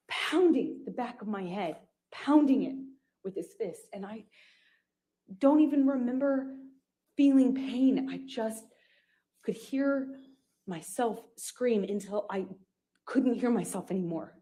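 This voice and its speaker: A woman giving courtroom testimony in a halting way, with many restarts and pauses. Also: mid-range voice, dark tone. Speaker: witness testifying.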